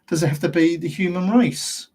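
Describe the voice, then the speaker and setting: A man's voice: a little high, normal speed, a little mellow, husky. A British man hosting his own channel, talking straight to camera in a rambling, ranting monologue full of rhetorical questions. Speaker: host of a paranormal investigation channel.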